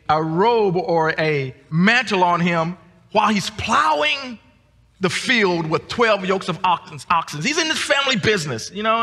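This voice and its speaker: A man preaching a sermon as a guest speaker, often repeating words and rising to emphatic shouts. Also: sits high. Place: church sanctuary. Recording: long church reverb.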